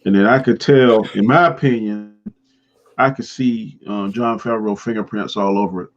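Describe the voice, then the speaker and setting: A man chatting casually on a live stream, relaxed and agreeable, making short remarks. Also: lowish voice, moderate pace, crowd noise. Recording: dull, lo-fi audio.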